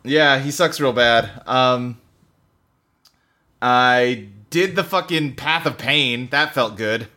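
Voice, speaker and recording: A man's voice: medium pitch, slow pace, sharp tone. A man co-hosting a casual chat about games from his home office, speaking loosely with lots of fillers and the odd curse word. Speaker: podcast co-host. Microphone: desktop computer setup.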